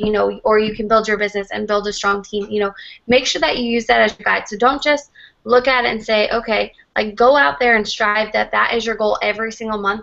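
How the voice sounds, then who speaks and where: A woman's voice: mid-range voice, gravelly, a bit bright. A woman talking casually to a group, as team leader on a call. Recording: muffled lo-fi call audio.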